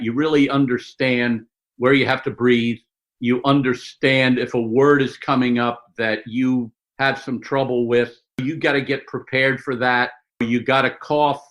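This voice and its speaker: Older male guest, animated anecdote-teller, mid-pitched voice. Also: dull audio. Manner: animated storyteller, quick asides and mock voices. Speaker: sportswriter guest. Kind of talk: conversational interview storytelling.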